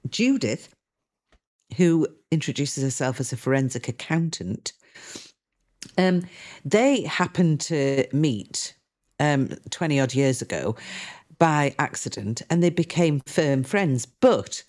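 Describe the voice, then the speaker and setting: Woman, radio presenter, chatty, eager, lively rising and falling voice. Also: deep voice, slow. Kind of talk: casual chat on a radio show.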